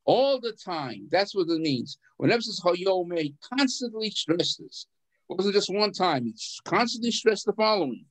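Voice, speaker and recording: A man with a high voice leads an adult education class. He explains a text in a halting way, repeating words, putting questions to his students and chuckling between points. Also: sing-song, poor audio. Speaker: rabbi teaching adult education.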